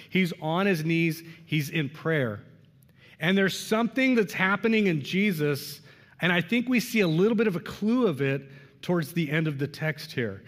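Guy preaching, bit higher voice, earnest, drops to near whispers sometimes, big echoey hall. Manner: earnest, shifts between loud emphasis and hushed lines. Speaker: pastor. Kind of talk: sermon. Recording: long reverb of a large room.

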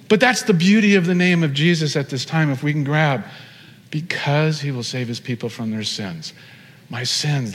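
A man preaching a sermon as pastor, animated, stretching key phrases out slowly for emphasis. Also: medium pitch, slight background noise. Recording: long hall reverb.

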